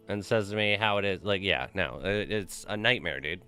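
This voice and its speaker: A young man chats loosely through a game stream, swearing freely and joking as he tells stories and greets chat. His fairly low voice is bright and smooth, with a little music playing faintly behind him. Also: normal speed, hardly any pauses. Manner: loose, profane, joking storyteller reading chat. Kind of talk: casual stream chat with viewers.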